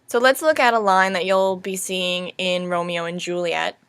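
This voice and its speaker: A young woman teaching a recorded lesson over slides, speaking slowly and deliberately as she spells out each stress. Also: on the low side, fairly even intonation, fairly bright tone, clean tone, no room sound.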